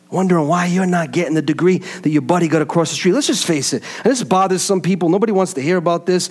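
A male preacher delivering a sermon with a slightly high voice. He drops into low, hushed lines, then climbs to ringing, impassioned peaks. He keeps firing rhetorical questions at his congregation. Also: fast talker, hardly any pauses. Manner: dramatic swings from low hushed tones to high impassioned calls.

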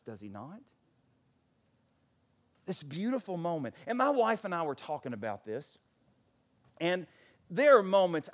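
A middle-aged man preaching a sermon as pastor. He moves between fervent, near-shouted passages and quiet, intimate storytelling, and acts out voices when he quotes others. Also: fairly high pitch.

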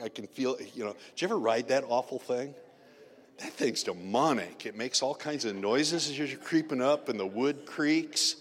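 A man preaching a sermon in a conversational way, moving from loud emphatic questions to soft murmurs. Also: mid-range voice, normal speed, in a large hall. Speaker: pastor.

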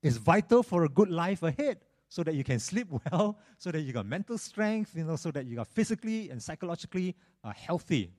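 A man preaching a sermon in an animated, storytelling manner, often repeating his phrases. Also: a little high, a little fast.

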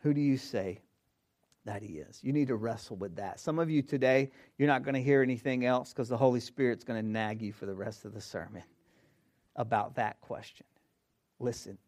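A man preaching a sermon as pastor, emphatic, repeating key phrases and swinging between hushed and loud delivery. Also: mid-range voice, fairly even intonation, moderate pace.

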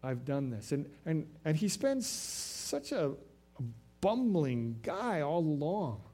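A man preaching a sermon, telling a story in an animated way that swings from loud to soft. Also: fairly high pitch, slow pace, soft background music. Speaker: pastor.

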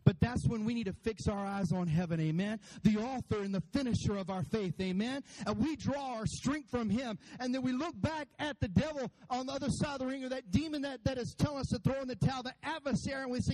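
High-voiced animated preaching man. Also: fairly quick, hardly any pauses, low-quality recording. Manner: animated preaching, acts out voices, calls to congregation. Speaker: pastor. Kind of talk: sermon. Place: church sanctuary.

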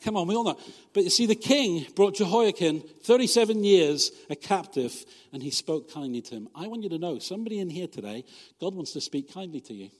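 A man's voice: sits high, animated, a little fast, a little mellow, long reverb tail. A man, a pastor, preaching a sermon in a conversational, humorous way, often asking his listeners rhetorical questions.

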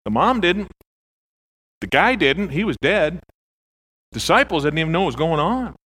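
Pastor preaching a sermon, male, animated storyteller, a bit higher-pitched voice. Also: moderate pace, slightly rough. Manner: animated, acts out voices in his stories.

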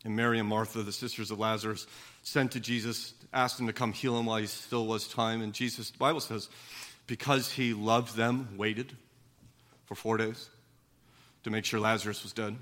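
A man preaching a sermon as pastor, moving from quiet, low reflection to loud, emphatic passages, with frequent repeated words and conversational asides. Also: flat delivery, moderate pace.

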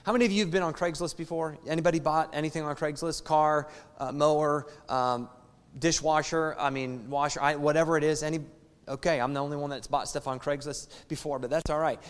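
A man's voice: a little high, in a large hall. A man preaching a sermon as pastor, repeating phrases and asking the congregation rhetorical questions. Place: church.

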